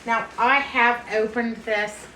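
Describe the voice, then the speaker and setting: Speaking slowly in a slightly high, steady voice that comes across pushed and bright, a middle-aged woman vlogs to camera in a chatty, folksy way, addressing people as honey and baby. She seems somewhat foggy and unsteady. The audio is reverberant and low quality, with a touch of hiss or hum.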